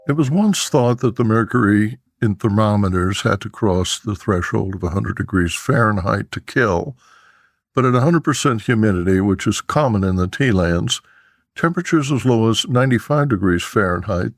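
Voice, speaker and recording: Guy reading trade news in a studio, low voice, dead dry sound, steady pace. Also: dry recording. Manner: measured, steady newsreader delivery. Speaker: news podcast host. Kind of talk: scripted news narration.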